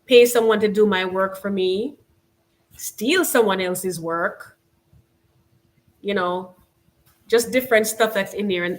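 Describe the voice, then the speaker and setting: Over a slight hum or hiss, a channel host from Jamaica talks in a medium-pitched voice with her Jamaican accent. Her live stream is casual and loose, full of "like"s and "you know"s.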